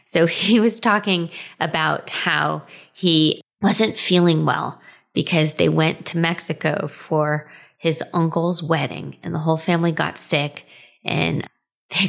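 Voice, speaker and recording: With a low, gravelly voice carrying a slight brightness, this podcast host in her thirties tells personal stories in a chatty, casual monologue, laughing frequently as she goes.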